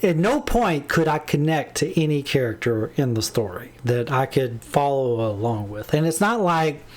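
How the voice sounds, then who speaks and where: A man talks through a book review in a loose, rambling way, stumbling over restarts and fillers. He sounds exasperated and blunt. His voice sits at an ordinary middle pitch. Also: sing-song, moderate pace. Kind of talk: casual spoken book review.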